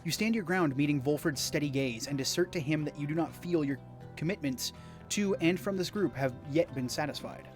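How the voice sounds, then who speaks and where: A man's voice: fairly high pitch, brisk, soft background music. A man streaming a video game, reading its text aloud and chatting casually with rambling asides to viewers. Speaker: gaming streamer.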